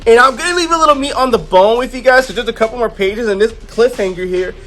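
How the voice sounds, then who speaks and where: A comic book reviewer retelling a story in a chatty, excitable way. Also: medium pitch, fast, slight background noise. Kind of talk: casual story recap.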